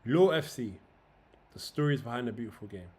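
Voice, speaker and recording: A man's voice: mid-range voice, fairly quick, slightly rough. Slangy young streamer, man. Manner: slangy, swearing, emotional and animated. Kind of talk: casual livestream chat.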